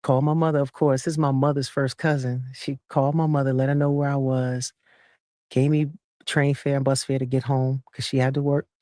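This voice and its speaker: A woman from New Jersey, a guest telling a lively personal story in casual chat, acting out other people's voices and laughing often. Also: a bass voice, brisk, dry recording, studio quality.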